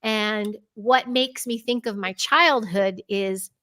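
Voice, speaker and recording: A middle-aged woman from the Chicago area, a podcast guest telling personal stories, animated and laughing often. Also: takes it slowly, no room sound. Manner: animated, laughs often, acts out her own past words in a bright high voice. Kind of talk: personal storytelling in a conversational interview.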